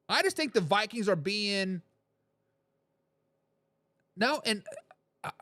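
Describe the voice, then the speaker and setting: A man hosts a casual live sports talk show, reading viewer comments aloud and laughing along. His pitch swings widely as he jokes and riffs. The sound is dry and close, with no room echo. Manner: animated, jokey, reads viewer comments aloud and laughs often.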